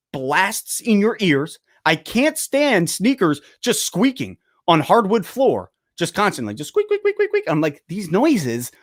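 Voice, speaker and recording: A young man hosting a live sports stream, chatting casually and excitably while answering viewer questions. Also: on the high side, dry recording, studio quality. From United States. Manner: casual, excitable, talks to chat directly. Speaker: sports channel host.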